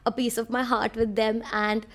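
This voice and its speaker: A woman's voice: fairly high pitch, level tone, normal speed, a bit bright. A young woman hosting her own podcast, talking alone in a chatty, self-conscious, rambling way. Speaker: podcast host. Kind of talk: solo podcast rant. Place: room.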